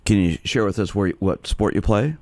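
A deep-voiced man hosting a call-in radio program, talking in a bone-dry, close sound. He stumbles into restarts and repeated words as he talks with callers. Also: expressive, normal speed, creaky, a little mellow, no echo. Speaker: radio show host.

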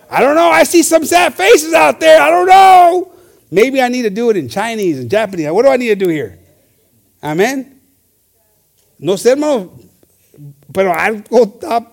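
Male pastor, bilingual sermon, slightly high voice, very lively delivery with shouted peaks. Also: moderate pace, gravelly. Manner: animated, shifts between Spanish and English, shouts for emphasis.

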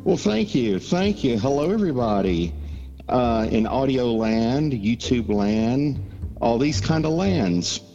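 A man's voice: mid-range voice, sing-song, slow pace, mellow, faint music behind. A man from Georgia with a Southern accent, chatting folksily as a guest and sharing his testimony. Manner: folksy, joking, chatty with fillers. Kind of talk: casual testimony chat. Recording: dull lo-fi sound with long reverb.

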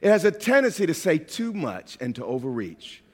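A man with a New York accent preaching a sermon, emphatic, moving from quiet asides to shouted points. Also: on the high side, very animated, normal speed. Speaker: pastor.

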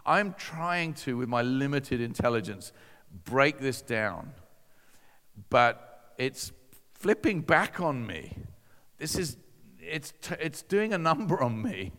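A man of medium pitch tells his own story to a crowd, chatty and self-deprecating, with dry little jokes. His voice rings out with a long reverb tail, as if he is speaking in a large hall. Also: sing-song, slow pace, long pauses, fairly bright tone. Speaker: speaker giving a personal testimony. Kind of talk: storytelling talk to an audience.

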